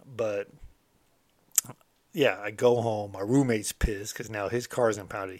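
A man's voice: lowish voice, fairly even intonation, takes it slowly, pauses often, darkish tone, no room sound. A middle-aged American man casually recounting his past, candid and streetwise, swearing freely as a motivational host. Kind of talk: casual storytelling monologue.

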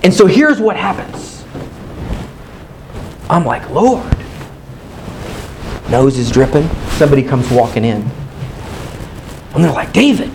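A man preaching a sermon, telling a personal story in an animated, candid, self-mocking way and acting out his own past dialogue. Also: on the high side, slow, long pauses, a little hiss or hum, low-quality recording.

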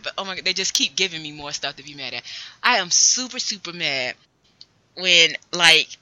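A woman in her thirties, co-hosting a casual podcast chat and telling stories in an animated, emphatic way with frequent laughs. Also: low voice, a little hiss or hum, poor audio. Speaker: podcast co-host.

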